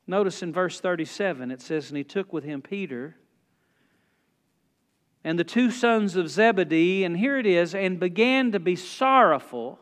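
A man preaching a sermon, folksy in his storytelling, dropping to a hush and then rising loud. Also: high-pitched, expressive, normal speed, big-room sound. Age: 40s. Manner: folksy, swings from hushed to loud. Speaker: pastor.

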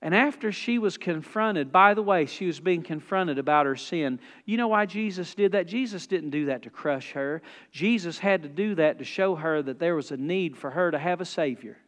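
Long church reverb surrounds a man preaching in a sanctuary at a moderate pace with hardly any pauses. His voice is on the high side with lively intonation, and his folksy, emphatic delivery climbs into loud exhortation.

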